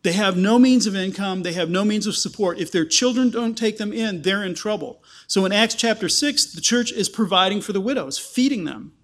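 A man with a high voice preaches a sermon. He talks through a passage verse by verse and jumps into quoted lines, acting out the people in the story with lively shifts in his delivery. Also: a little fast, hardly any pauses. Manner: animated, acts out quoted voices.

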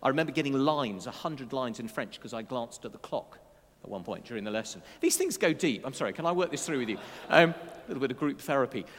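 A man's voice: medium pitch, lively intonation, quick pace, fairly bright tone. A man preaching a sermon in a conversational way, with asides and dry humour. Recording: long hall reverb.

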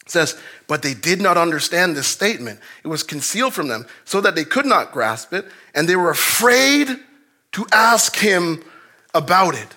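A man preaching a sermon, telling stories and reading scripture, swinging from shouted emphasis to low, quiet asides. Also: very animated, normal speed. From grew up in a housing complex. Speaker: pastor.

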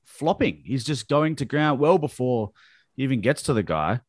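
A man's voice: mid-range voice, very animated, moderate pace, husky, no echo. Casual football podcast chat from a man who gets blunt and sweary when he's fired up, voice sits mid-range, sound's dry and close with no room to it. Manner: blunt, profane, heated ranting. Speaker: podcast co-host.

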